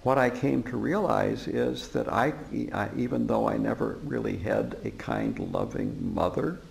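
A male Buddhist teacher gives a dharma talk, easing through his stories with fillers and soft chuckles. His voice is deeply gravelly, and its pitch rises and falls in a lively way. The room sound is roomy and reverberant, like a meditation hall. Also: unhurried. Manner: relaxed storytelling with frequent fillers and chuckles. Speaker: Buddhist teacher and former prison chaplain. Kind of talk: dharma talk to a live audience.

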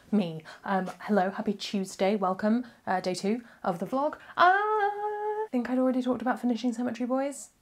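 A woman reviewing books in a casual, chatty vlog, rambling with quick asides and self-corrections. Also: on the high side. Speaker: book reviewer.

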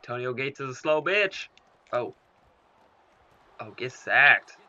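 A young man commentating his own football video game live, excitable, swearing, and talking to the screen. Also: medium pitch, takes it slowly, lo-fi sound. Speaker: gaming commentator.

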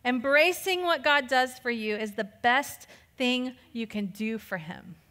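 Bright-voiced woman pastor preaching. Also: fairly high pitch, a little slow, in a large hall. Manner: lively and conversational, laughing often. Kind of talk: sermon.

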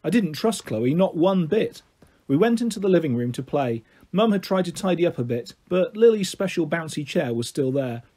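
Man, storybook narrator, fairly high voice, husky, mellow, gentle steady reading. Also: moderate pace. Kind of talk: children's audiobook narration.

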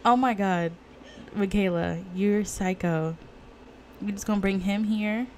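A woman talks over her game in casual commentary at a middle pitch. She is excitable and profane, gasping and exclaiming at what happens on screen. A faint hiss of noise sits under her voice. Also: unhurried. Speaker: let's play gamer.

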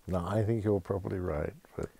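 Low, gravelly-voiced podcast host. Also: male voice, fairly even intonation, a little fast, dark tone, dry recording. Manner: conversational, prompting the guest with questions. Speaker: podcast host, airline captain. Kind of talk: casual interview chat.

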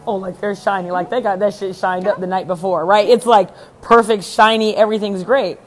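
A woman's voice: mid-range voice, steady tone, fairly quick. A woman hosting a casual live chat with viewers, talking in a blunt, emphatic way and swearing freely. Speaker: event host and speaker.

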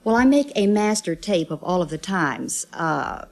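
A woman's voice: mid-range voice, lively intonation, measured pace, a little mellow. A woman from Atlanta with a Southern accent, chatting folksily as a game show contestant in a 1970s TV studio. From Atlanta, Georgia. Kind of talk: casual studio chat.

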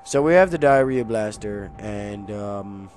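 Excitable young man narrating gameplay. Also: lowish voice, unhurried, faint music behind. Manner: excitable, jokey, yells at enemies. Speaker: gaming YouTuber. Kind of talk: casual gameplay commentary.

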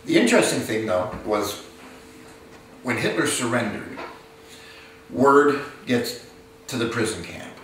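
A man in his sixties recounts family memories slowly, circling back and restarting his sentences as he goes. His voice is mid-pitched and sits back from the microphone in a very echoey room. Faint background hiss runs underneath. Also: sing-song, a bit bright. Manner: unhurried, halting storytelling with repeated restarts. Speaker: son of a war veteran, interviewee. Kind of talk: personal recollection, storytelling. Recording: very roomy, distant mic, faint hiss.

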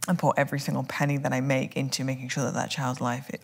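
A woman's voice: rumbling low, flat delivery, fast, gravelly, husky. A woman with hiccups, co-hosting a podcast, talking in a thoughtful, searching way and often restarting her sentences. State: has hiccups. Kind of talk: casual reflective conversation.

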